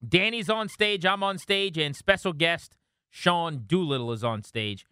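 A male sports radio host with a bright, crisp, fairly high voice. He speaks in a polished, upbeat way, like a presenter. The studio sound is dry and close. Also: a little slow, no echo.

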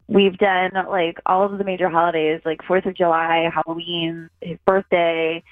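A woman's voice: lowish voice, little pitch movement, normal speed, no echo. A woman calling in to a radio show, talking in a hesitant, rambling way with many fillers. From Chicago area. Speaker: caller. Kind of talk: casual phone-in chat. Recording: tinny phone line.

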